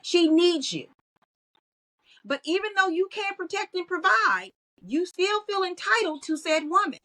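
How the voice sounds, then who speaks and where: Woman, high bright voice, animated storyteller, podcast guest. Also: a little slow, poor audio. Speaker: guest, content creator. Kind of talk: podcast interview conversation.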